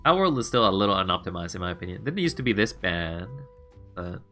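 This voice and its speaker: A man's voice: sits low, sing-song, fast, bright, forceful tone, soft background music. A man streaming a game, chatting casually with his viewers, rambling and laughing as he plays.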